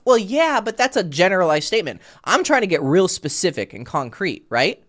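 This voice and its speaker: A man's voice: high-pitched, expressive, a little fast, few pauses, a bit bright. A man working as a dating coach, talking a client through his mistakes on a call in a blunt, casual way that includes swearing.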